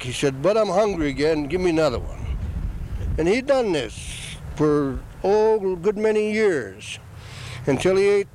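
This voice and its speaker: An older man telling a traditional story in an unhurried, plain-spoken way, repeating "he said" between the quoted lines. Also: high voice, a little mellow, slight background noise, poor audio.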